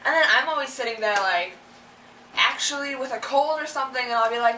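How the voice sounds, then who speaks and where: Her voice a little high, bright and forceful with lively intonation and a slightly fast pace, a young woman vlogs a casual, exasperated rant about annoyances, impersonating those she complains about. The room sounds roomy, the mic a little distant, with slight background noise.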